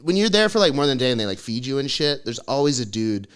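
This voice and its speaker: A young man tells a comic story with a lively, swooping delivery. His voice is bright and tense, and he breaks into frequent laughter as he acts out the people he quotes. He talks in a loose, rambling way. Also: mid-range voice, fast, clean tone. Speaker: podcast co-host. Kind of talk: comedic storytelling.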